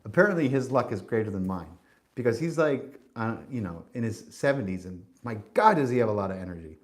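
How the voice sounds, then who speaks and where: A man's voice: mid-range voice, animated, brisk. Man, podcast host, spiritual monologue, emphatic, profane, preachy.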